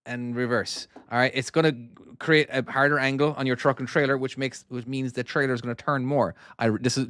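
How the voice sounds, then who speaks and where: A middle-aged man with a softened Irish accent, chatting to his live-stream audience while playing his own trucking game. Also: medium pitch, clean tone, dry recording, studio quality. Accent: Irish, softened by years in the US. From Ireland. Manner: rambling and chatty, talking to chat while driving.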